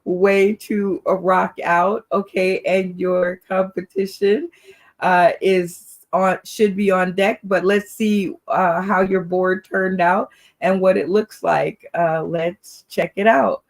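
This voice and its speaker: A woman's voice: medium pitch, fairly even intonation. A woman hosting an online comedy game show, calling the time and the scores and asking the judges for their reactions. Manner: unhurried, encouraging announcements.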